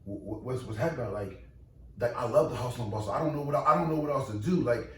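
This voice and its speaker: A man who owns and runs a boxing gym, talking casually in a podcast interview, emphatic and animated with many repeated restarts. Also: medium pitch, quick pace. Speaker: boxing gym owner and trainer. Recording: echoey room, distant mic, faint noise.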